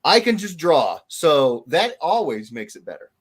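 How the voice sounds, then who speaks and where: A man hosting a casual livestream, jokey and animated as he greets viewers. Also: on the high side, unhurried, slightly rough. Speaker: host.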